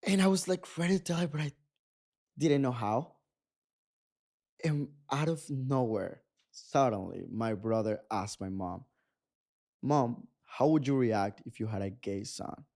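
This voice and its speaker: Young man, animated storyteller. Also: medium pitch, a little slow, pauses often. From Mexico. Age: 20s. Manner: animated storytelling, acting out dialogue. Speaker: guest photographer. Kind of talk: casual interview.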